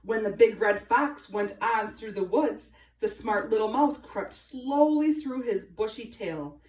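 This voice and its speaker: A woman reading a children's story aloud with an expressive, sing-song delivery. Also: a little high, measured pace, recorded from a distance. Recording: roomy, from afar.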